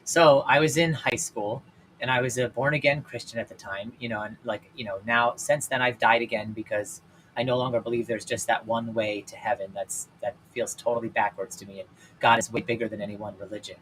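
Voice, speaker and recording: A man hosting his own show, telling personal stories in a casual, candid way with lots of fillers, swinging between loud and hushed. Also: medium pitch, steady tone, a little fast, a little hiss or hum, poor audio. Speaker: podcast host and life coach. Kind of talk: personal storytelling monologue.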